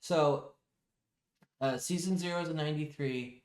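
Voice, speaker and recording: Podcast guy going thru his rankings, earnest and analytical, bit high pitched, roomy echo. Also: moderate pace, darkish tone. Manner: earnest and analytical, giving scores. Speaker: podcast co-host. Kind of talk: casual recap chat.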